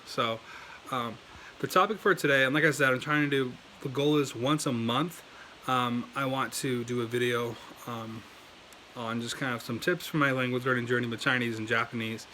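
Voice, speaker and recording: A man's voice: medium pitch, fairly even intonation, moderate pace, sharp tone, slight background noise, poor audio. A young American man explaining language tones in a casual, rambling video lesson full of fillers and restarts. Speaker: language learning YouTuber.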